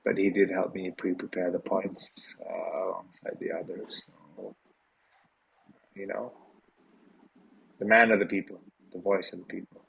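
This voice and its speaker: Tired, gravelly low-voiced man. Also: unhurried, pauses often, a little hiss or hum, rough recording. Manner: relaxed, rambling, many fillers. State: tired, yawning. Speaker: host of a community Q&A. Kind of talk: casual live audio chat.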